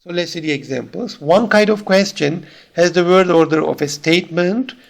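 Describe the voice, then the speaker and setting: A man's voice: sits high, moderate pace, creaky. A man with a Turkish accent giving a recorded lecture, reading out examples and explaining them step by step with small fillers. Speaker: university lecturer.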